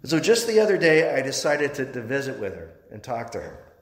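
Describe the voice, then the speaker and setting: Male priest, sermon, storytelling, halting restarts, roomy long church reverb. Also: mid-range voice, huge pitch swings.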